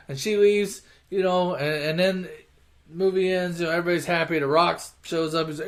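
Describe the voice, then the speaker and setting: A high-voiced young man tells an action movie's plot like a campfire story, swearing constantly and rambling through half-finished sentences. He slips into mocking voices for the characters and gets louder when something strikes him as ridiculous. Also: a little fast. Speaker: storyteller retelling movie plots. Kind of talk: casual profane movie recap.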